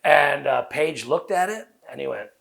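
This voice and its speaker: Gravelly Southern man telling wrestling stories. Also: on the high side, lively intonation, a bit bright. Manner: profane, rambling anecdotes with quoted dialogue; fast talker. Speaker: guest. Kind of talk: casual interview storytelling.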